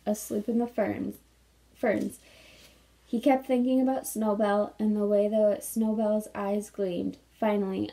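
A woman teacher reading a children's novel aloud to a class in a steady, unhurried way. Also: mid-range voice, low-quality recording.

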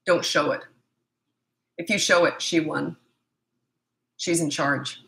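Blunt, bright-voiced woman parenting coach. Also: lowish voice, vocal fry, slight background noise, poor audio. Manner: blunt, emphatic, acts out parent and child exchanges. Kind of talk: casual advice talk.

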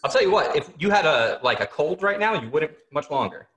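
A man's voice: fairly high pitch, sing-song, brisk, fairly bright tone, reverberant. A man on a gaming podcast, groaning and joking through a spicy chip challenge. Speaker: podcast host. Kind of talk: casual group chat.

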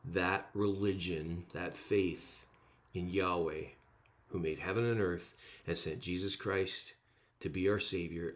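A man's voice: sits low, fairly even intonation, measured pace. A man preaching a sermon as pastor, stressing points by repeating words, with a casual aside now and then.

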